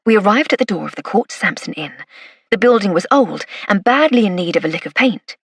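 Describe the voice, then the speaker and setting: A woman reading an audiobook in measured, wry first-person narration. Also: medium pitch, expressive, slightly rough, no room sound, studio quality.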